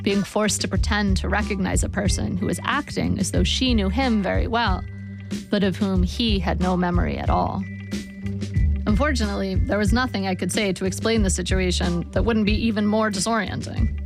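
A woman's voice: mid-range voice, fairly even intonation, brisk, creaky. A woman reading a first-person literary story aloud with a dry, wry storytelling manner. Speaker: narrator. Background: soft guitar music.

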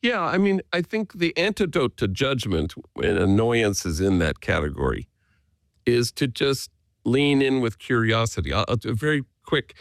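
A priest talks in an earnest, gentle way, his voice gravelly with a lot of fry. His pitch rises and falls a great deal as he tells his stories. The sound is close and dry. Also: sing-song, normal speed, no room sound. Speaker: Jesuit priest, guest. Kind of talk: reflective conversational storytelling.

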